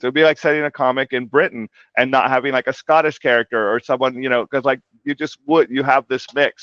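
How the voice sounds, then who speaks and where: A man speaks as a guest in a casual interview, circling his points with a steady stream of "like" and "you know". His voice sits at an ordinary middle pitch. The audio is muffled and lo-fi, with a dry, dead sound. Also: no echo. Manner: rambling, heavy on "like" and "you know". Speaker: comic translator guest.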